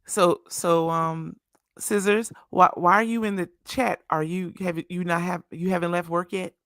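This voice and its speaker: A woman's voice: on the low side, fairly even intonation, a little slow, fairly bright tone, no room sound, studio quality. A woman hosting a morning talk show, teasing a caller and egging him on.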